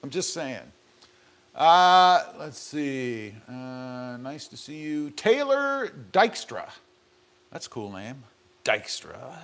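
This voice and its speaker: A man's voice: mid-range voice, very animated, takes it slowly, fairly bright tone. A man hosting a casual live stream from his garage, reading viewer comments aloud and joking around. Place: home garage.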